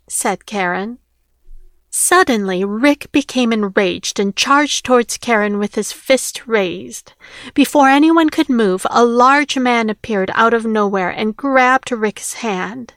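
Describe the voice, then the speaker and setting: A woman's voice: medium pitch, measured pace, a bit bright, dry recording, studio quality. A woman reading a novel aloud as audiobook narrator, voicing each character lightly in her own voice. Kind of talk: scripted narration.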